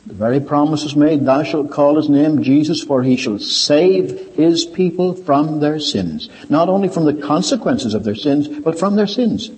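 An older man preaching a sermon, telling stories and swinging between quiet low asides and raised, emphatic points. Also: lively intonation, moderate pace, few pauses. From Ireland. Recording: reverberant hall.

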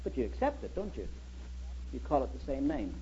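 A man's voice: mid-range voice, wildly swooping pitch, brisk, warm tone, a little hiss or hum. Middle-aged man lecturing on a dull old recording. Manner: storytelling with rhetorical questions. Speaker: lecturer and historian. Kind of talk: public lecture to an audience.

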